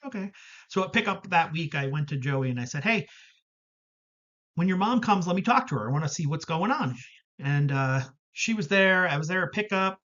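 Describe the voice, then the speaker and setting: A man's voice: fairly high pitch, animated, normal speed, a bit bright, highs cut off. A man telling a candid personal story about his camp work, reflective, with many fillers and self-corrections, over a video call.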